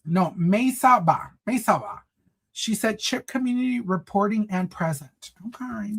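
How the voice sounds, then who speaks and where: A man's voice: high-pitched, animated, a little slow, creaky, fairly bright tone, husky. A man hosting a casual livestream, chatting with viewers in a sassy, campy way, calling them honey and girl and slipping into Spanish phrases. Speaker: livestream host.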